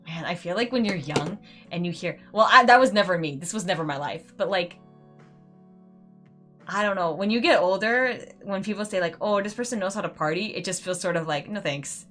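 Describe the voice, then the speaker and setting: A woman's voice: fairly low pitch, a little fast, bright, forceful tone, soft background music. A woman streaming a game, giving casual, rambling commentary full of "like" and "you know". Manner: chatty, rambling, uses "like" a lot.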